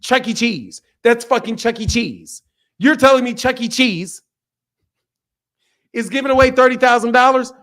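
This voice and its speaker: Male reaction host with a very high voice, swearing, incredulous, circling back to the same point. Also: moderate pace, pauses often, fairly bright tone. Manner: profane, incredulous, repeats himself, laughing asides. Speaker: boxing channel host. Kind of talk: casual reaction rant.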